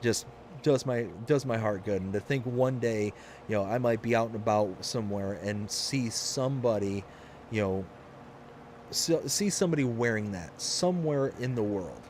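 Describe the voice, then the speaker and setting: A man's voice: on the low side, moderate pace, a little mellow, a little hiss or hum. A man from Michigan hosting a live game stream, chatting casually and rambling through stories with frequent restarts. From Michigan, USA.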